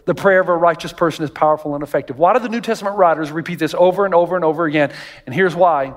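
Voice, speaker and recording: A man preaching a sermon as pastor, animated and jokey, jumping way up in pitch and volume when he acts out quoted voices. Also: racing. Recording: long hall reverb.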